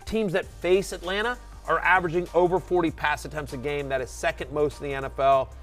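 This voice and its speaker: A man with a fairly high voice, chatting loosely about fantasy football, circling back on himself with lots of restarts and fillers. Faint music plays underneath. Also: steady tone, brisk, fairly bright tone. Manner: rambling, many restarts and fillers. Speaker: fantasy football analyst and show host. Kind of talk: casual sports chat.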